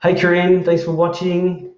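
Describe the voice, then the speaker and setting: An Australian man hosting a casual live chat, rambling and affectionate as he repeats himself through shout-outs to viewers. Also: sits high, monotone, moderate pace. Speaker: host of an online community live chat. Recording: roomy and dull lo-fi sound.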